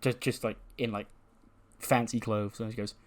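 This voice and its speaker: Male host recapping his own wrestling storylines, chatty and animated. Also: on the low side, normal speed. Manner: animated, briefly voices characters while recapping. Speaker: wrestling sim game streamer. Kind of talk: casual retelling of a wrestling storyline.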